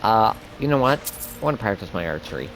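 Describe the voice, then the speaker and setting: A man's voice: fairly low pitch, sing-song, brisk, a bit bright, a little hiss or hum. A young man giving casual gameplay commentary as a streamer, chatty and rambling. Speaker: gaming streamer.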